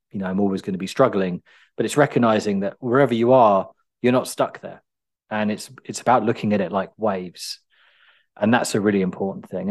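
Male, low-pitched, calm reflective self-help talk, conversational storyteller.

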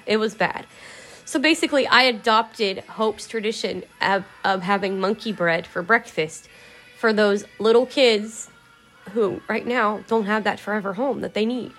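A woman's voice: a little high, a bit bright. A woman vlogger telling a story in a candid, rambling way, swearing and laughing now and then. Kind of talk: casual emotional storytelling.

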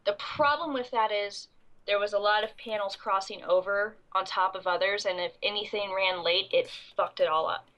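A woman's voice: medium pitch, fairly even intonation, moderate pace, fairly bright tone, muffled recording. A young adult woman with a cold and coughing fits, recapping a convention in a rambling, casual podcast chat full of ums and restarts. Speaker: convention goer recapping the event.

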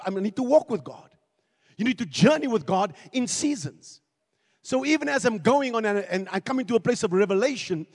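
High-voiced preacher in an echoey hall. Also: male voice. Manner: animated preaching, acts out quoted voices, repeats words. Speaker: pastor. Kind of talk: sermon.

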